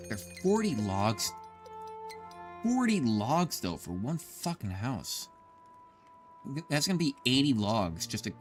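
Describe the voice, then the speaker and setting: A man in his thirties giving casual, rambling gameplay commentary as a streamer, swearing often and talking to his chat. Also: medium pitch. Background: background music.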